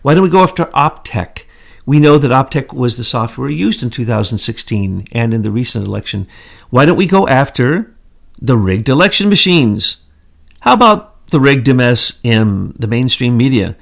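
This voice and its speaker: A man co-hosting a political commentary show, talking indignantly in rapid strings of rhetorical questions. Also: medium pitch, big pitch swings, vocal fry. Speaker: co-host.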